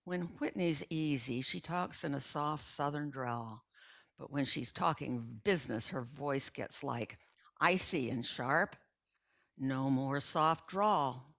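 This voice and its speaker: A woman's voice: low-pitched, a little slow, fairly bright tone. An older woman reading a first-person short story aloud in a chatty, gossipy storytelling manner. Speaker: resident reader.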